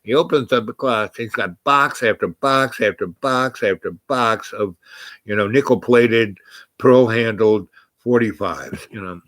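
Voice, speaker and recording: An elderly man in his eighties spins a rambling personal anecdote, full of ums and restarts. His voice sits fairly low, and the recording is dry and close, with no room sound. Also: a bit bright, no echo. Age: 80s. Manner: rambling, halting, many fillers and restarts. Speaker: storyteller. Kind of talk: casual personal storytelling.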